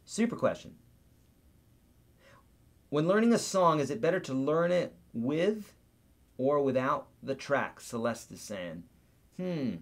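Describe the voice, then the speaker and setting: A man's voice: mid-range voice, sing-song, takes it slowly, pauses often. A man hosting a live guitar Q&A, chatting casually, reading viewer comments aloud and counting out beats and picking patterns.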